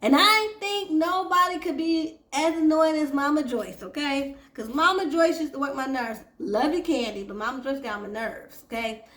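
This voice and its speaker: High-voiced woman recapping a TV show. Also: normal speed, hardly any pauses, fairly bright tone, echoey room. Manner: chatty, addresses viewers as y'all. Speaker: TV recap host. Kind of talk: casual TV recap and review.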